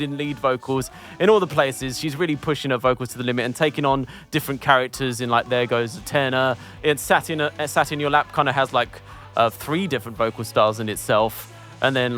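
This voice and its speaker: A man's voice: medium pitch, a bit bright. A man reviewing an album in casual group chat, enthusiastic and rambling, with many fillers.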